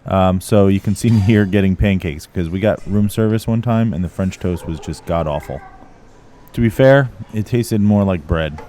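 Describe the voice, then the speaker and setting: Male vlogger voice-over, very low, warm and relaxed, candid and offhand. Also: moderate pace, slight background noise. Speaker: travel vlogger. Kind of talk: voice-over commentary.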